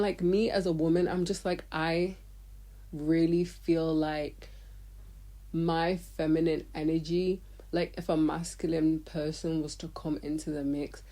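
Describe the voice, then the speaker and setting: A woman's voice: on the low side, warm tone. A woman in her thirties talking bluntly to camera in a casual vlog, swearing freely and dropping slangy asides. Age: 30s. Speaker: vlogger. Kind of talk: candid casual monologue.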